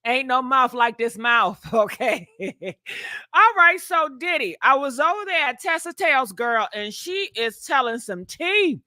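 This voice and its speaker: A woman's voice: high-pitched, sing-song, a little slow, pushed and bright, no room sound. A woman hosting a gossip live stream, talking in a sassy, chatty way straight to her viewers and laughing often. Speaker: gossip show host.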